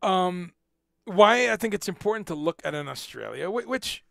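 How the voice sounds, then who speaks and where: A man's voice: sits high, lively intonation, normal speed, gravelly, a bit bright, no echo, studio quality. A man hosting a casual livestream, rambling and repeating words as he talks, now and then swearing. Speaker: livestream host.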